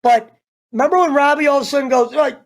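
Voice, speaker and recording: A man casually ranting through a TV show review, animated and profane, wandering off on tangents. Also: very high-pitched, fast talker. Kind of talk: casual rambling rant.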